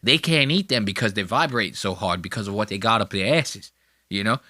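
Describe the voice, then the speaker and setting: A man's voice: lively intonation, a little fast, sharp tone, no room sound, clean studio sound. A man hosting a podcast, mocking and crude as he comments on clips in casual profane talk. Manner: mocking, crude, bursts into high-pitched impressions. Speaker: podcast host.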